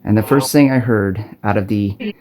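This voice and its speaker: A man's voice: fairly low pitch, normal speed, darkish tone, a little hiss or hum. A man from Arizona recording on his smartphone, delivering an urgent, profane spiritual warning with frequent stumbles and restarts. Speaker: self-made video preacher. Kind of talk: impassioned spiritual warning monologue.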